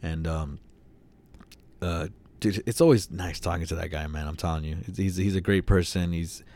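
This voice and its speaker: A man's voice: low voice, moderate pace, mellow. A young man co-hosting a casual chat, rambling and laughing easily, peppering his talk with "dude" and "man". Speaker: podcast co-host.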